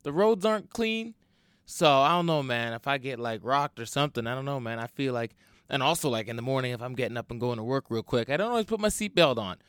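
A man's voice: mid-range voice, expressive, fast talker, a bit bright, clear, resonant tone, no room sound. A young man, hosting a solo podcast and ranting in a rambling, profane way with lots of "like" and "man". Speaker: podcast host.

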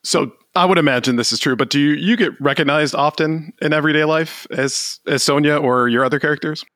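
A man's voice: on the high side, fairly quick, a bit bright, no room sound, studio quality. A man hosting a podcast interview, asking questions and affirming the guest's answers. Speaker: podcast host.

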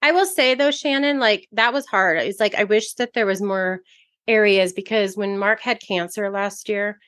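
A woman's voice: medium pitch, moderate pace, fairly bright tone, no echo. A woman co-hosting a casual podcast, speaking in an earnest, heartfelt and chatty way. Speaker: podcast co-host.

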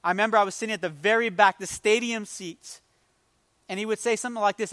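High-voiced man preaching a sermon. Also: fairly even intonation, quick pace, bright, forceful tone, no echo. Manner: emotional, conversational, rising with emphasis. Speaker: pastor.

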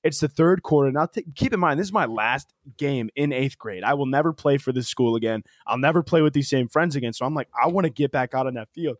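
Animated young man telling stories. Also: medium pitch, fairly quick, few pauses, no echo, clean studio sound. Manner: animated storyteller, heavy "like" fillers, swears freely. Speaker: podcast co-host. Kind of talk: casual storytelling chat.

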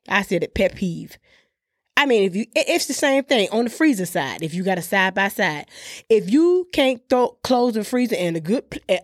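A woman's voice: medium pitch, no room sound, studio quality. A woman radio host on an emphatic, scolding rant, calling listeners "honey" and pressing "okay?". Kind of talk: ranting monologue. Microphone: studio microphone.

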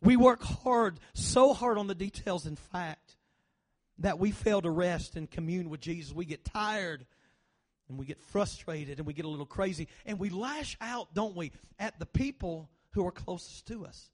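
A man's voice: sits high, normal speed. A male pastor preaching a conversational sermon in a church, often questioning the congregation and restarting his phrases. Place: church sanctuary.

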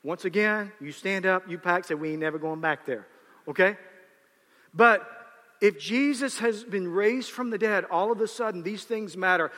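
A man's voice: high-pitched, pushed and bright. A man preaching a sermon as pastor in a church, emphatic and repetitive, pushing into rising bursts. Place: church sanctuary. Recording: long hall reverb.

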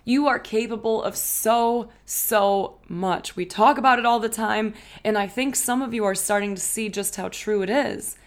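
A woman's voice: medium pitch, normal speed, few pauses. A woman hosting a podcast, giving an encouraging, profane motivational talk with emphatic repetition. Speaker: podcast host.

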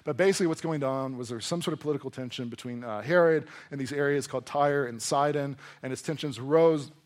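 A man preaching a sermon to a congregation in a conversational, animated way, often acting out voices as he reads and explains scripture. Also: medium pitch, fast. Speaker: pastor. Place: church hall before a congregation.

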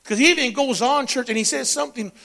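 Man, pastor, church sermon, very high-pitched, bright forceful tone, loud-to-hushed call-and-response preaching. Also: fast, creaky.

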